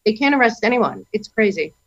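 A woman's voice: fairly high pitch, brisk, highs cut off. A woman from New York City, telling a story in casual chat and acting out the dialogue. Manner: animated storytelling, acts out dialogue.

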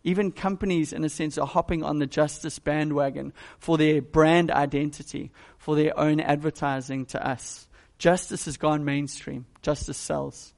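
A man's voice: on the high side, steady tone, normal speed, gravelly, a little mellow. A male pastor giving a conversational, emphatic sermon.

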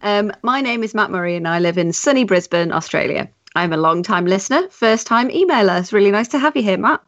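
A woman's voice: medium pitch, expressive, fairly quick, dry recording, highs cut off. A woman co-hosting a casual photography podcast, reading listener emails aloud with amused asides and frequent laughs.

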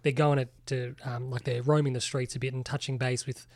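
A man's voice: medium pitch, level tone, brisk, no room sound. A man, co-hosting a casual film chat and giving strong, enthusiastic opinions. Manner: enthusiastic, opinionated about films. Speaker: podcast co-host.

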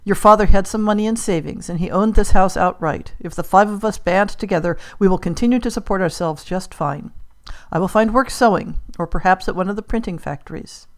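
A woman's voice: mid-range voice, fairly quick, natural voice. A woman reading a tender, firm mother. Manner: gentle yet scolding. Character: grieving mother, middle-aged, tender but firm.

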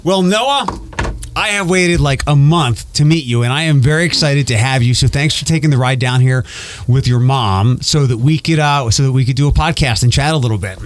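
A man's voice: medium pitch, a little fast, no echo. A man from Philadelphia with a light Philadelphia accent, hosting a podcast in a rambling, casual monologue with many ums. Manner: rambling, with frequent ums and repeats. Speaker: podcast host.

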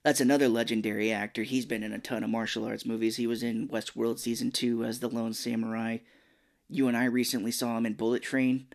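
A man co-hosting a podcast, chatting casually about a film, rambling and animated. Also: mid-range voice, brisk, creaky. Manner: rambling, animated, does mock voices of film characters. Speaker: podcast co-host. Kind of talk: casual movie review chat.

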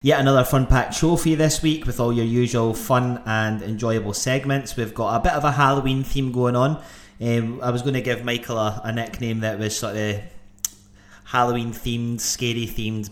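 A man hosts a football podcast in a loose, joking way. He talks at a middling pitch and keeps stopping and restarting his sentences. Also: steady tone, a little fast. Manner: jokey, chatty, many restarts. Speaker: podcast host. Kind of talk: casual podcast chat.

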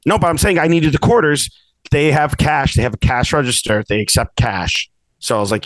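A man chats on a podcast, recounting a story with lively exasperation and putting on the voices of the people involved. His middle-pitched voice sounds dry and close. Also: normal speed, dry recording, low-quality recording. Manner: animated storyteller, acts out quotes with rising exasperation. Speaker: podcast co-host. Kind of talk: casual chat. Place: apartment in the city.

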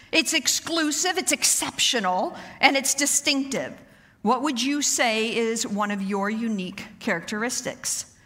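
A middle-aged woman giving a sermon to women, loud and animated in her delivery. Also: high voice. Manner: loud, animated preaching, says so herself. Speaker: women's ministry speaker. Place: church sanctuary. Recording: reverberant church hall.

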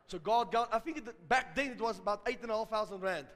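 Brief: South African man preaching, storytelling sermon, strong high pitch, echoing hall. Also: fast, hardly any pauses. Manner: storytelling, builds to loud emphatic preaching.

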